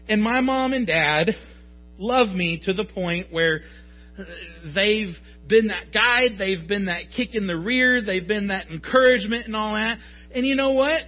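High husky male preacher. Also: normal speed, lo-fi sound. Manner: emphatic, rising to shouts at peaks. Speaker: pastor. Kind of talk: sermon.

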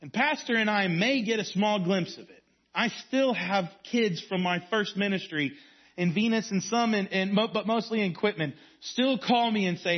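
A man with a high, husky voice preaches a sermon, weaving in stories. He swings from strong emphasis down to hushed, quiet lines. The recording sounds a little dull and lo-fi. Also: normal speed. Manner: storytelling preacher, varies volume from strong to hushed. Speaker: youth pastor.

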